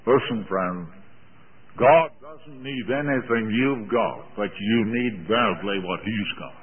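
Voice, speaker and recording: An older man preaching a sermon, slow and emphatic, drawing out his phrases, heard on an old radio broadcast. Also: fairly low pitch, lively intonation, slightly rough. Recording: old phone-like radio broadcast with long reverb.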